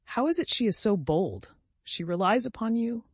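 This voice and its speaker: A man's voice: high-pitched, expressive, normal speed, slightly rough, no echo, voice pushed up, heavily acted. A man voicing a brooding young man who asks terse, probing questions with a bitter edge.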